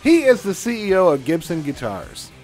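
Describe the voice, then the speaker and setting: A man's voice: sits high, sing-song, moderate pace, over music. A man co-hosting a radio show, telling a story in a casual chat and laughing along. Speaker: radio co-host.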